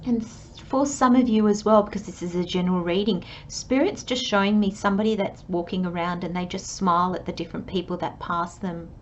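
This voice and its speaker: A woman giving a channelled tarot reading, talking in a gentle, chatty way and acting out little imagined conversations. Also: on the low side, fairly even intonation, a little fast, hardly any pauses. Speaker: tarot reader. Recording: slightly dull, faint background hiss.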